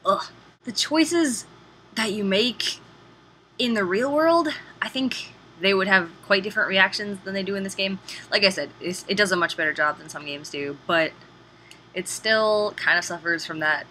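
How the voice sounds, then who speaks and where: A woman talking through a video game review in a loose, animated way, chatty and quick to swear. Her voice is bright and forward, and a faint hiss sits underneath. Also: medium pitch, rough recording. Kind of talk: casual spoken game review.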